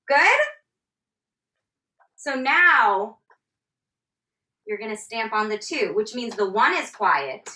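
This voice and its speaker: A woman's voice: fairly high pitch, animated, slow, pauses often, pushed and bright, far from the mic. A woman in her thirties teaching a tap dance class, upbeat and counting out steps as she goes. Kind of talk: live online dance class instruction.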